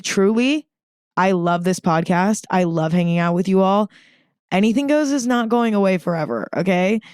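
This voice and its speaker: A woman's voice: mid-range voice, normal speed, darkish tone, clear, resonant tone, no room sound, clean studio sound. A young woman hosting a podcast alone, talking in a casual, earnest way with lots of "like" fillers and frequent swearing. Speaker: podcast host. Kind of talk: casual solo podcast monologue.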